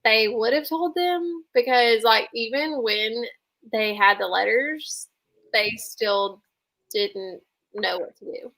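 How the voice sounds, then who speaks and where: A young woman co-hosting a show, recapping episodes in casual, quick chat full of "like". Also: on the high side, a bit bright, rough recording. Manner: chatty, quick, says like a lot. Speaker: co-host.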